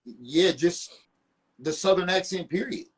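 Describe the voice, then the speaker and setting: A man with a somewhat raspy voice and a pitch a little above most men, talking hip-hop as a podcast guest. He talks with emphatic energy, circling back over his words as he builds a point. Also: measured pace. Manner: animated, emphatic, repeats himself. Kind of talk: casual hip-hop talk.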